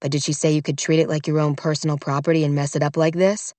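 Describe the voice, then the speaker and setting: A woman's voice: level tone, quick pace, mellow, dry recording, natural voice. A woman voicing a blunt, wry young man who looks out for his little sister. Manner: wry and plain-spoken, lowered voice. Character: blunt, protective young man, big brother. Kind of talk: audiobook character voice.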